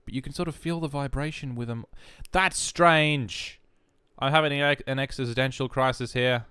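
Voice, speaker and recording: Rambling Australian man, lively voice. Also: mid-range voice, moderate pace, smooth, no echo. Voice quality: rambling, self-mocking, jokey. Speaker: gaming YouTuber. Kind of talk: casual commentary over gameplay. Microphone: headphones and desk mic.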